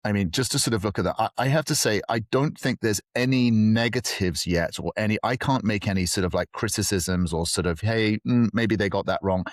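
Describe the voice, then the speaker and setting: A man's voice: fairly low pitch, a little fast, hardly any pauses, no room sound, studio quality. A man co-hosting a casual soccer podcast, talking in loose, rambling sentences full of fillers and restarts. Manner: rambling, many fillers and restarts, laughs often. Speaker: podcast co-host.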